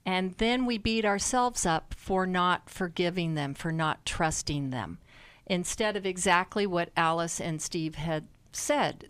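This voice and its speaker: A woman's voice: on the low side, fairly bright tone, clean tone, no echo. A woman co-hosting a call-in advice radio show, speaking in an empathetic, emphatic way. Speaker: radio co-host counselor. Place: radio studio.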